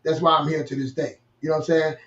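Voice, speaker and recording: A man's voice: fairly high pitch, little pitch movement, quick pace, a bit bright, slight background noise. A man, an earnest co-host talking casually and repeating himself as he goes. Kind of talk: casual conversational talk. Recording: distant, roomy, dull remote audio.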